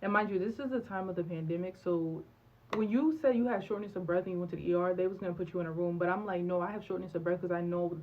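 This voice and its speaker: A woman's voice: fairly low pitch, quick pace, dull audio, slight background noise. Young woman telling a candid storytime. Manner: animated, candid, acts out dialogue with many fillers. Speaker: vlogger. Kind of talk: storytime vlog.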